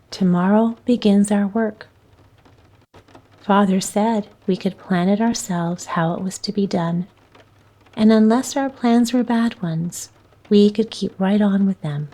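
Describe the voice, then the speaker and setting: A woman reading aloud and voicing an earnest, well-meaning young girl who speaks eagerly. The voice is slow and mellow. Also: medium pitch, close to an everyday voice. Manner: earnest, eager, at times dismayed.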